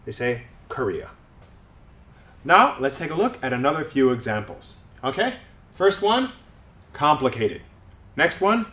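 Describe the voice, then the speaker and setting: A man teaching English pronunciation, native speaker, demonstrating words slowly and with clear, exaggerated stress. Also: on the high side, a bit bright, reverberant. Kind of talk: pronunciation lesson.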